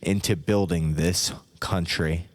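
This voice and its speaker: Smug older politician, low and slow, played by a man, long echoey reverb. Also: fairly even intonation. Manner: slow, drawn-out delivery.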